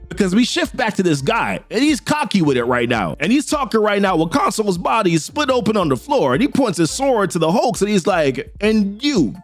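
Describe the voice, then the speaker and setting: A man casually recapping a comic story in a slangy, excited way, as host. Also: high-pitched, no echo.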